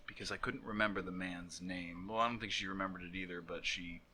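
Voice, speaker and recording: A man in his thirties co-hosting a podcast, a lively storyteller who laughs often in casual comedic chat. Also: low-pitched, fast talker, a little hiss or hum. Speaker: podcast co-host.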